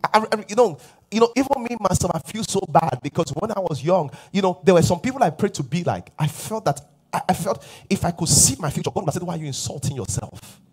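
A man's voice: high-pitched, lively intonation, quick pace, darkish tone, husky. A male pastor preaching a sermon emphatically, repeating refrains and sometimes dropping to a whisper.

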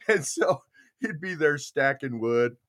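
An older man hosts a relaxed morning show. His slightly high, bright voice swings freely in pitch. He wanders through stories, repeats phrases and chuckles along the way. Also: slow pace. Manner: rambling, chuckling, repeats himself. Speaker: host. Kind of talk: casual morning-show chat.

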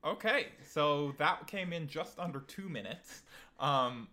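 A man's voice: fairly high pitch, lively intonation, takes it slowly, bright, forceful tone. A man co-hosting a casual podcast, eagerly explaining and joking with his co-host.

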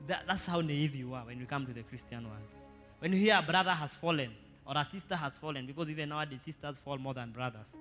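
A high, bright-voiced Kenyan man preaching a sermon, climbing into shouted emphasis and playful asides. His voice rings out through a reverberant church hall with faint music underneath. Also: a little fast. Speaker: pastor.

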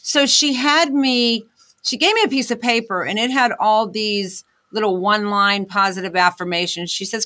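A woman's voice: mid-range voice, normal speed, pushed and bright. A woman guest in an interview, talking earnestly about her path as an inventor and motivational speaker. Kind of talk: candid interview talk.

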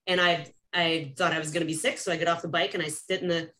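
A woman hosting a podcast, telling a personal story in casual conversation and acting out the people she quotes. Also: quick pace. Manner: animated, acts out quoted people with big pitch jumps and laughs.

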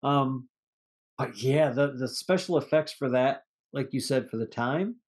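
A man's voice: mid-range voice, measured pace. A man co-hosting a podcast, chatting casually and rambling about an old movie, cursing now and then. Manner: rambling, animated, swears casually. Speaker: podcast co-host. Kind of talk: casual movie review chat.

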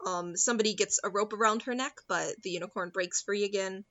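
A woman casually recapping a film's plot on a podcast, animated and full of ums. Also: medium pitch, a little fast, no room sound, lo-fi sound. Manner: animated storytelling with filler ums. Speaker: podcast co-host recapping a film. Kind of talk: casual chat.

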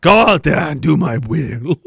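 A man with a high voice rants alone on his show, cursing freely and laughing at himself. He jumps from shouted outbursts down to low mutters. The sound is dry and close, with no echo. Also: big pitch swings, unhurried, gravelly, slightly rough. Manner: profane, laughing, swings between shouting and low mumbling. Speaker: podcast host. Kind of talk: ranting solo monologue.

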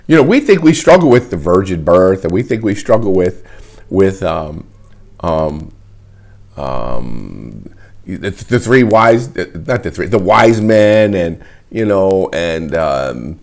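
Emotional low-voiced man preaching. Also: big pitch swings, a little mellow. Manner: emotional, wears heart on sleeve; halting, repeats words often. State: tearful. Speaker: pastor. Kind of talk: livestreamed sermon.

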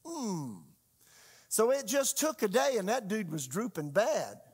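Male pastor, high tenor, conversational sermon with big dynamic swings. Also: sing-song, measured pace, breathy edge. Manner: conversational preaching with sharp swings in pitch and loudness, rhetorical questions.

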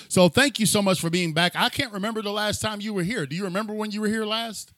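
A man's voice: high-pitched, fast, few pauses, fairly bright tone, dry recording, clean studio sound. A man hosting a podcast, introducing his guest with a sing-song, showman's build-up, then chatting casually over a remote link. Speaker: podcast host. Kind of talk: hyped podcast introduction and chat.

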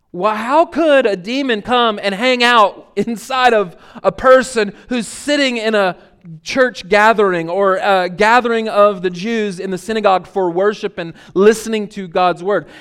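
A man preaching a sermon as pastor, earnest and emphatic, building to loud peaks and then dropping to quiet reflection. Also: sits high, a little slow, clear, resonant tone.

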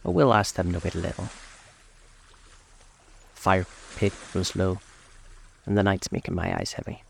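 A man narrating a classic tale as a bedtime story host, in a soft, slow, soothing manner. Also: deep voice, vocal fry, a little hiss or hum. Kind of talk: calm bedtime story reading.

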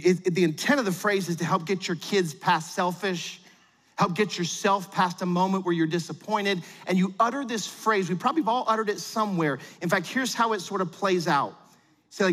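A middle-aged man preaching a sermon as pastor, animated and acting out quotes in little voices. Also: sits high, big-room sound.

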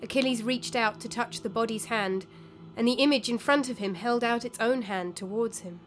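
A woman reading a story aloud in measured, even narration. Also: a little high, soft background music.

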